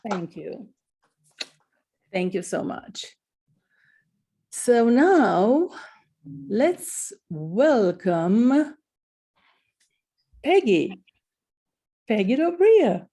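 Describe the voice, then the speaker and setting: A woman hosting an online poetry salon from home, welcoming people and singing a story-song with a steady rhythm. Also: a little high, very slow, long pauses, breathy edge. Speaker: host singing and introducing readers. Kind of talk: sung performance at an online salon.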